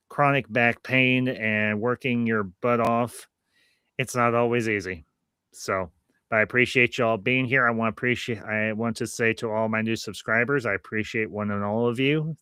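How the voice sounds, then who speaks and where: A man's voice: lowish voice, sharp tone, clean tone, no room sound, studio quality. A man hosting a casual podcast, rambling a little and repeating phrases as he thanks his viewers. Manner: friendly sign-off, thanking viewers. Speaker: podcast host.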